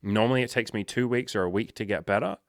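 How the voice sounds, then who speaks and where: Male life coach, lowish voice, brash and profane, dead-dry close mic. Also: fast, no echo. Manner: animated, swears often, acts out dialogue with rising energy. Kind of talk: casual coaching monologue.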